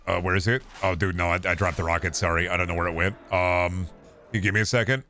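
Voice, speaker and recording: A low-voiced man streams a game and rambles through casual, profane commentary with jokey asides. Clear noise runs behind his voice on the stream audio. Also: steady tone, fast, pushed and bright.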